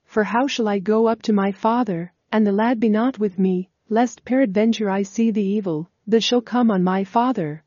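A humble man pleads before a powerful ruler, his words in archaic scriptural phrasing, read by a woman. The tone is mellow and the sound dry and close. The recording is a little dull and lo-fi. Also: medium pitch, moderate pace, hardly any pauses, dry recording, close to an everyday voice. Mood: pleading.

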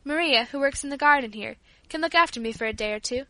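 Woman reader doing a sickly, brave young girl, gentle and humble, dry close sound. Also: high-pitched, fast talker, no room sound. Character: frail, brave young invalid daughter.

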